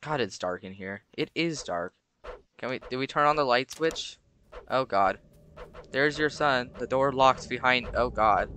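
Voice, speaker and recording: A young man chatting casually through a horror game, jumpy and prone to sudden shouts. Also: mid-range voice, unhurried, long pauses, faint music behind. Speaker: gamer. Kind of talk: casual gameplay commentary.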